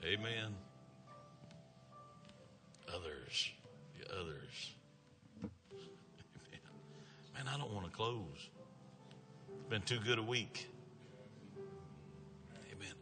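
A man's voice: fairly low pitch, very animated, very slow, long pauses, music in the background. A man with a Southern American accent preaching a revival sermon in a folksy, emphatic way, punctuated by amens. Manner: folksy, emphatic, calls out "amen". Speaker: traveling evangelist.

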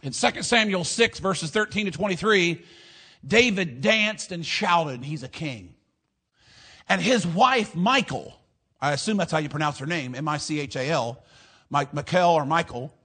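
Male preacher with a high voice; emphatic sermon delivery, punctuated by amens, switching between loud and hushed. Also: sing-song, unhurried, husky. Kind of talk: fiery sermon.

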